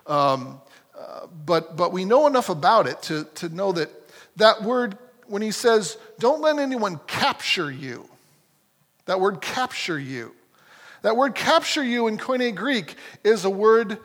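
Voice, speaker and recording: A man preaching a sermon as a pastor, talking in a lively, conversational way with frequent restarts. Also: sits high. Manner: animated, conversational, self-correcting. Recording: long hall reverb.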